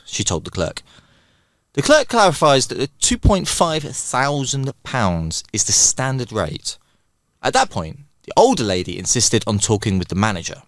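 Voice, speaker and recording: A man as guest on a comedy podcast, reacting loudly and reading a joke aloud. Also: mid-range voice, huge pitch swings, moderate pace, no echo, clean studio sound. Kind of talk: casual chat and joke reading.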